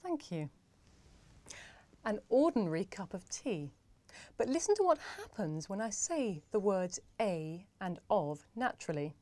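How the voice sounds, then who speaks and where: A woman's voice: medium pitch, big pitch swings, dark tone, dry recording. Lady teaching sounds, bouncy sing-song voice, dry close sound. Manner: clear, deliberate, playful. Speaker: English pronunciation teacher. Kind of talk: scripted pronunciation lesson.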